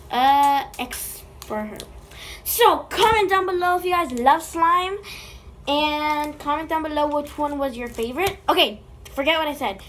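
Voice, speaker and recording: A woman with a high voice hosts a casual slime-making vlog, recorded on a phone. She talks at an unhurried pace and playfully chats to the slime as if it were alive. A faint hiss sits under her voice. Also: a bit bright. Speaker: slime video creator.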